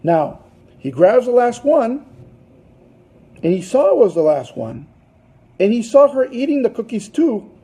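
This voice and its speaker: A man's voice: very high voice, big pitch swings, measured pace, long pauses, warm tone, breathy edge, poor audio. A man presenting to a business audience, telling a long anecdote in a loose, chatty way full of fillers and asides.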